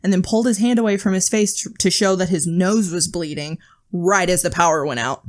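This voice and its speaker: A woman's voice: fairly low pitch, a little fast. A woman co-hosting a podcast, telling creepy stories in a casual way, with frequent swearing and nervous laughs. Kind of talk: casual storytelling chat.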